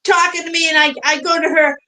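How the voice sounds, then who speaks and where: A woman's voice: very high-pitched, little pitch movement, fast, a loud crowd. An older woman with a Boston accent, laughing as she tells stories in a casual chat. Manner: laughing, self-deprecating storyteller. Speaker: guest.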